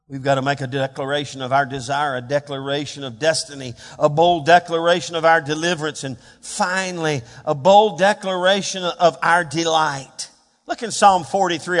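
A man preaching a sermon as pastor, dropping to hushed murmurs and rising to loud, fervent shouts of scripture. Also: a little high. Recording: long reverb of a large hall.

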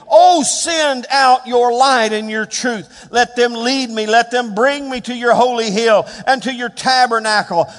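Male preacher, high voice, goes from hushed to hollering, big echoey hall. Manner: swings from hushed murmurs to loud shouted scripture. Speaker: pastor. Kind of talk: sermon. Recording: long reverb of a large hall.

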